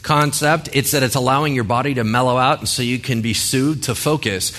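A man's voice: mid-range voice, a little fast, fairly bright tone. A male pastor giving a sermon in a conversational way, with joking asides and rhetorical questions.

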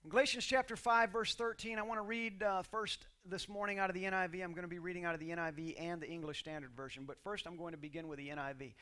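A male pastor preaching a sermon, moving from quiet scripture reading to loud, shouted exhortation and leading the congregation in call-and-response. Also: on the high side, steady tone, racing, few pauses, clear, resonant tone.

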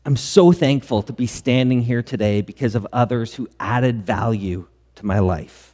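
A man's voice: medium pitch, normal speed, a little mellow. A man preaching a sermon as pastor, earnest and full of rhetorical questions. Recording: long hall reverb.

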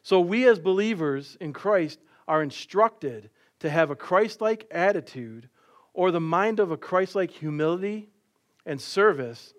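Storytelling male preacher, higher-pitched. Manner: storytelling with light laughs and playful quoted voices. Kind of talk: sermon.

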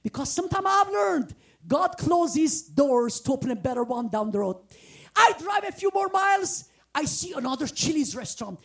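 Woman guest preacher from the former Soviet Union: high, gravelly, exuberant, pleading. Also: animated, normal speed. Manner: exuberant, often bursting into shouts and sung phrases; earnest, pleading exhortation. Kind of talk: testimony sermon.

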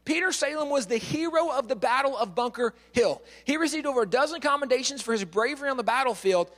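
A man giving a lively storytelling lecture, acting out quotes and often repeating words. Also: very high voice, quick pace. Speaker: speaker. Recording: long hall reverb.

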